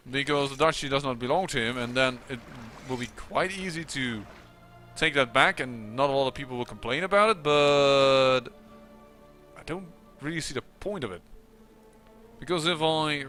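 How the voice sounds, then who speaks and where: A man's voice: medium pitch, animated, normal speed, bright, forceful tone, soft background music. A man giving casual, musing commentary on a strategy game, with occasional exasperated outbursts. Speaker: let's play commentator.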